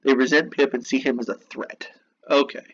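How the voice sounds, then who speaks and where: A man's voice: mid-range voice, steady tone, brisk, a bit bright. A man reading lesson notes aloud and explaining them with casual, chatty asides. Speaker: teacher. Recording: dull lo-fi recording with faint noise.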